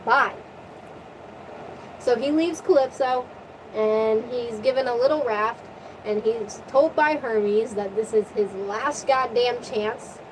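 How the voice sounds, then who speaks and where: Animated woman ranting, voice tiring. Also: fairly high pitch, noisy background. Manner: animated, profane, rapid recap. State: voice tiring from long talking. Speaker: vlogger. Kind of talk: casual storytelling rant.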